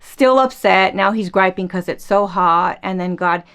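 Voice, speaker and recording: A woman hosting a casual faith podcast, retelling a Bible story in a chatty, animated way and acting out the quotes. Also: medium pitch, measured pace, smooth. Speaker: podcast host.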